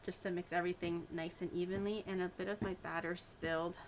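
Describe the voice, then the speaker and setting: A woman's voice: lowish voice, steady tone, fast, a little hiss or hum. A woman hosting a baking video, chatting casually and rambling through stories with the odd swear. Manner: rambling storyteller, swears casually, many fillers. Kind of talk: casual chat while baking.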